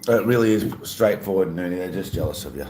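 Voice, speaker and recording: A male livestreamer with a deep, warm voice chats fast and playfully with his stream chat, reading messages aloud. The room is echoey with faint ambient noise.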